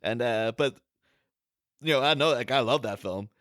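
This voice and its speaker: A man's voice: medium pitch, normal speed, fairly bright tone, dry recording. Guy cohosting a podcast, rambly, lots of uhs, mid voice, dead dry mic. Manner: rambling, many fillers and restarts, laughs often. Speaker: podcast co-host. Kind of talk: casual chat.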